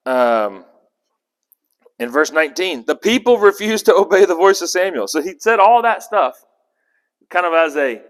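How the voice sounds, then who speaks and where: A man's voice: high voice, expressive, moderate pace, pauses often. A man teaching a casual Bible study in a conversational, rambling way, often correcting himself mid-sentence. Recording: long hall reverb.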